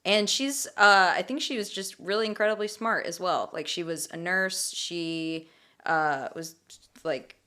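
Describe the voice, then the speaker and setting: Woman podcast co-host, low-pitched, chatty and rambling with fillers. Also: a little slow, sharp tone. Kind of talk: casual chat.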